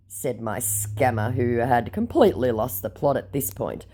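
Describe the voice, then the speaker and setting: A woman's voice: rumbling low, big pitch swings, moderate pace, few pauses, mellow, husky. A woman narrating a chat exchange aloud with a sarcastic, mocking manner.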